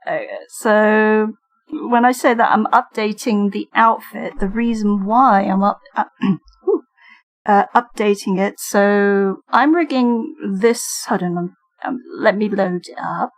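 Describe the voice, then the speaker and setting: A British woman chats at an unhurried pace on a livestream, her pitch sitting mid-range for a woman. She giggles often as she talks through her drawing work. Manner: giggly, talks while drawing and reading chat. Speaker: streamer and digital artist. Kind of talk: casual livestream chat.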